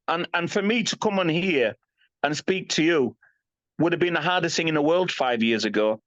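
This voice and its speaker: An animated man in his fifties, his voice a little high and fairly bright, talks at a moderate pace as a podcast guest. He's candid, blunt and emphatic, swears freely and frequently asks "you know what I mean." The dry recording has a slightly dull, lo-fi sound.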